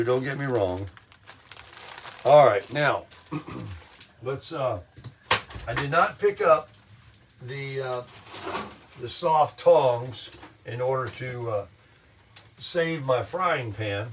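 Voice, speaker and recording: An older man hosting a casual vlog while cooking in his camper, upbeat and self-amused, his voice a bit hoarse with frequent throat clearing. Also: medium pitch, slow, pauses often, a little hiss or hum, low-quality recording. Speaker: vlog host. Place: camper kitchen. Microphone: phone on a selfie stick. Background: bacon frying.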